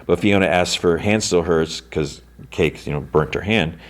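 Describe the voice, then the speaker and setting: Low-voiced man rambling through a recap. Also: moderate pace. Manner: rambling, heavy on "like" and "um" fillers. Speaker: podcast host. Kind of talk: casual episode recap.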